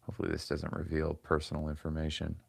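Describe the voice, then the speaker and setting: A man's voice: extremely low pitch, completely flat delivery, fast talker, gravelly, a little mellow, slightly rough, dry recording. A man in his forties hosting a casual livestream, rambling and swearing as he grumbles to his chat. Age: 40s. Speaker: comedian livestream host.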